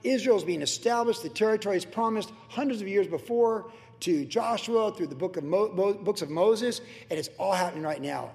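A man preaching a sermon in an energetic, excitable way with chatty asides. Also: high voice, gravelly. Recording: long hall reverb.

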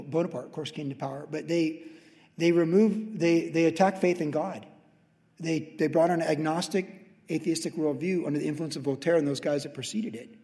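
A man's voice: fairly high pitch, warm tone. A middle-aged man teaching verse by verse as a pastor, emphatic and conversational, with frequent restarts. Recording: long reverb of a large hall.

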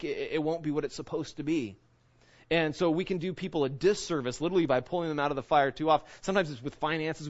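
A male pastor preaching an earnest sermon, often checking in with "right?" and slowing down to sink low on key phrases. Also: lo-fi sound. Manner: earnest, often asks 'right?'.

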